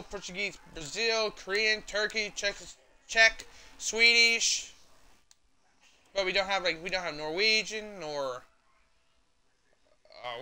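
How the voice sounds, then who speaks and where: Male gaming streamer, high cutting voice, loose rambling commentary full of restarts. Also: sharp tone, clean tone. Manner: rambling, halting, lots of fillers and restarts. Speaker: gaming livestreamer. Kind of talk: casual gameplay commentary.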